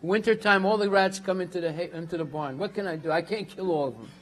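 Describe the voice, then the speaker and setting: A man's voice: sits high, quick pace, fairly bright tone. A man voicing a resigned dairy farmer.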